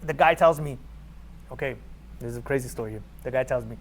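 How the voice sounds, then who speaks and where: A man from California, guesting on a podcast, talks fast in a medium-pitched voice as he tells an animated story. He voices quoted dialogue, repeats himself frequently, and faint background noise sits behind him.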